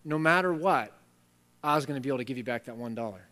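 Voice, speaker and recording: A man's voice: mid-range voice, lively intonation, quick pace, sharp tone. A man voicing a lazy male servant who makes defensive, rambling excuses. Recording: long hall reverb.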